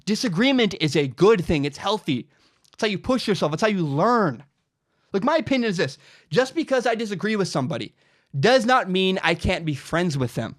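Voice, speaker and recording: A young man delivering a fired-up opinion monologue as host, animated and repeating himself for emphasis. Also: high voice, brisk. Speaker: podcast host giving his opinion.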